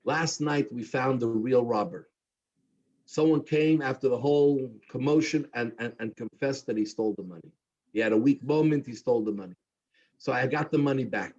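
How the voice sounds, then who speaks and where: A man telling a story at a Havdalah gathering, animating the characters with a husky voice. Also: normal speed. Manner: animated, voicing characters with rising pitch. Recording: dull lo-fi recording.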